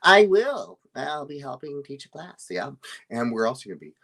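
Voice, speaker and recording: A man's voice: medium pitch, very animated, moderate pace, pushed and bright, voice pushed up, exaggerated voice. A man voicing a male puppet sidekick who used to be scary and is now friendly, speaking hesitantly and full of uhs. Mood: cheerful. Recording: roomy echo.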